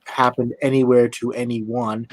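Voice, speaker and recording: Measured man with a mid-range voice. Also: medium pitch, little pitch movement, no room sound. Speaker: host. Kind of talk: casual conversation.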